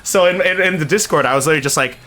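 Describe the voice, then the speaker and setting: A man streamer telling a story in casual chat, animated and laughing often, with lots of "like" and "right?". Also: a little high, very fast.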